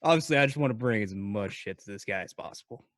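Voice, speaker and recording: A man's voice: on the low side, expressive, fast talker, fairly bright tone, no echo, studio quality. A man playing a tabletop game, eager and laughing as he plays. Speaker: player. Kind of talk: casual game talk.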